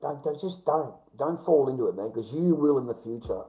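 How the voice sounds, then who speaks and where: A man's voice: mid-range voice, lively intonation, brisk, warm tone, rough recording. An older Australian man ranting on a phone livestream, swearing and repeating himself for emphasis. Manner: repetitive, profane and emphatic. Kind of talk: livestream rant.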